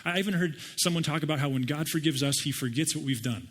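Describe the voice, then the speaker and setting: A middle-aged man preaching a sermon and telling personal stories with animated, self-deprecating humor. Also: a little high, quick pace, a little hiss or hum. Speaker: pastor.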